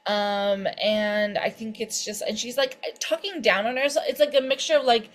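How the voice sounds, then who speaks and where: A woman in casual podcast chat, easygoing and agreeable, quick to laugh. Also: fairly high pitch, fairly even intonation. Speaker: podcast co-host.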